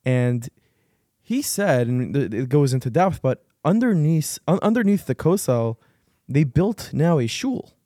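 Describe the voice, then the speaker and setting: A man hosting a casual podcast discussion, quick and animated, often cutting in with questions. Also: a little high, no room sound, studio quality. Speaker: podcast host.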